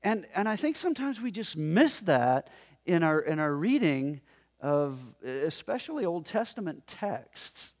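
A man preaching a sermon in a conversational, animated way, often chuckling as he talks to the congregation in the room. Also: a little high, unhurried. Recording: long hall reverb.

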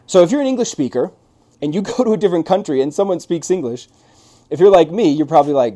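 Animated preacher man. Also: on the high side, quick pace. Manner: animated storytelling with asides and rhetorical questions. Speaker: pastor. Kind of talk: conversational sermon.

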